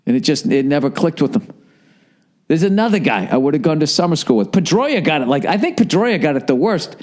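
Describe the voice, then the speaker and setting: A man's voice: on the high side, sing-song, a little fast, a little mellow. A man hosting a podcast, telling a rambling, profane story in a casual, wry monologue. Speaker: podcast host.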